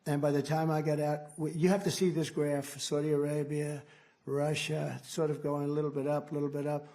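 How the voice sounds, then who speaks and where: A man's voice: a little high, level tone, brisk, mellow. An older man in his seventies giving a rambling, boastful campaign rally speech at a podium microphone, with mocking asides. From United States. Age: 70s. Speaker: political candidate. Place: large indoor rally hall.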